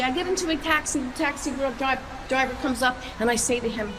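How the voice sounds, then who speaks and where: A woman recounts her early music career with excitable energy, tripping over restarts as she rushes ahead. Her voice sits a little high, and it rings out in a long reverb over faint background music. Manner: excitable, animated, stumbling restarts. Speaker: singer-songwriter telling her story. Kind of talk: personal storytelling.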